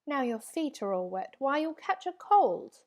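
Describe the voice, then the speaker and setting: A calm, motherly troll, as a woman reads her, reassuring her child in a gently raised voice. It is a storybook character read aloud. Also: high-pitched, unhurried, voice pushed up. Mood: soothing.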